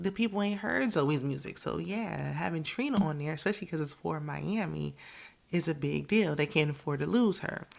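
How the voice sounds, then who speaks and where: A woman's voice: low-pitched, vocal fry. A woman casually recapping a reality show in an opinionated, chatty way, often laughing and quoting the cast.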